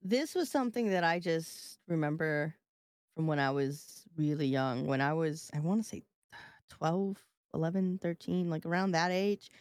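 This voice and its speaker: On a live-streamed podcast, a co-host with a low, darkish voice tells a long personal story, animated and at a moderate pace. She rambles, packing her speech with filler "like"s. The recording is dry, with clean studio sound.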